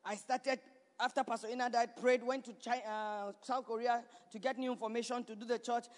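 A woman pastor preaching a sermon in a church, building to shouts and repeating her points. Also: a little high, fairly even intonation, fairly quick. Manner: preaching with rising shouts and repetition. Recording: reverberant church hall.

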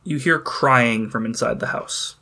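A man running a tabletop game as game master, narrating scenes in a measured, descriptive way. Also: mid-range voice, vocal fry, pushed and bright. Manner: measured descriptive storytelling with occasional fillers.

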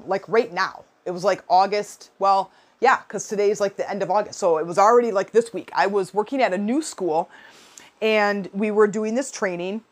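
Chatty woman telling a story with advice. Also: medium pitch. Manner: chatty, animated, many fillers and quoted asides. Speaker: speaker giving advice. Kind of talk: casual storytelling talk.

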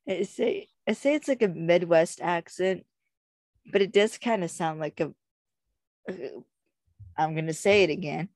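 A woman's voice: lowish voice, a little slow, pauses often, a little mellow, dry recording. A young woman in casual podcast chat, rambling with lots of filler words. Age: young adult. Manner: chatty, rambling, frequent "like" fillers. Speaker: podcast co-host.

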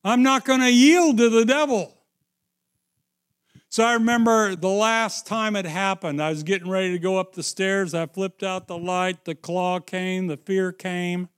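A man preaching a sermon, slow and emphatic, dropping into hushed storytelling and rising again for emphasis. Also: high voice, little pitch movement, clear, resonant tone. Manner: slow, emphatic, swings into sung and shouted phrases.

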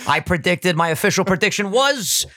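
A young man co-hosting a casual podcast, hoarse from screaming, loud and swearing as he jokes around in a basement. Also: high voice, animated. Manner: loud, swearing, jokey, quick. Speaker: podcast co-host. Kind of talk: casual profane podcast banter. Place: basement at a kitchen table.

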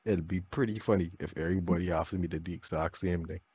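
Young guy on a podcast, real deep husky voice, chill and kinda unsure, dry sound. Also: quick pace. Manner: relaxed, hesitant, slangy. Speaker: podcast co-host. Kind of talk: casual chat.

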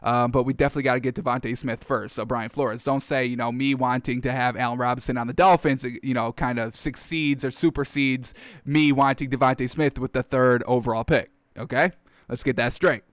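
A young American man hosting a casual football chat, reacting excitedly to highlight clips and calling his viewers folks. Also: brisk, no echo, studio quality. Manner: excitable, laughs often, addresses viewers as folks. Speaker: sports commentator host.

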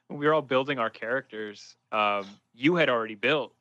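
Bright-voiced man on a dull, dry mic. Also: medium pitch, moderate pace, no room sound. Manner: laughing, self-deprecating. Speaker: podcast player. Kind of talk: casual podcast chat.

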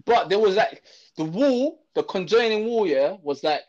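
Young guy telling a school story, high voice, slangy, lots of "like" and "you know what i'm saying", dull lo-fi audio. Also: moderate pace. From Zimbabwe. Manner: animated, slangy, lots of fillers and restarts. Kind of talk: casual storytelling chat.

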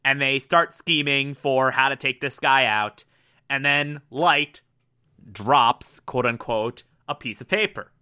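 A man's voice: mid-range voice, slow, pushed and bright, clear, resonant tone. A man casually recapping an anime plot, rambling with many fillers and restarts.

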